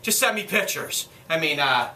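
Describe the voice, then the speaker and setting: Showing off items and naming prices, a Minnesota-accented collector chats in an unscripted vlog full of fillers, restarts, and occasional griping with mild swearing. He has a fairly high, expressive voice that sounds pushed and bright, at a moderate pace.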